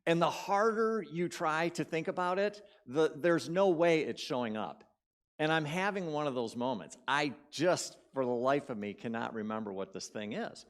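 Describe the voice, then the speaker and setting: A man giving a conversational storytelling sermon as guest speaker in a church, swinging between loud bursts and quiet drops and repeating words for emphasis. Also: a little high, animated, moderate pace. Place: church sanctuary.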